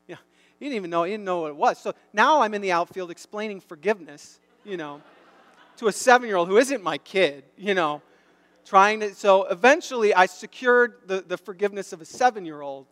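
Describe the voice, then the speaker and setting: A middle-aged man preaching a sermon, telling a story and building to loud, emphatic bursts. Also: sits high, a little fast. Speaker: pastor. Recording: long hall reverb.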